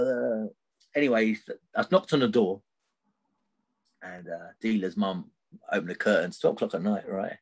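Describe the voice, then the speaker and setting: A man's voice: lowish voice, moderate pace, pauses often, no echo. A middle-aged man, a podcast guest telling a personal story candidly and loosely, often tagging sentences with "right?". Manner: rambling, keeps checking in with "right?".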